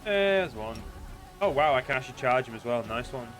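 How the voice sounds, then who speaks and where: A man's voice: mid-range voice, lively intonation, a little fast. A man streaming a fantasy video game, chatting casually about the fights and reading the on-screen text aloud. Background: game music.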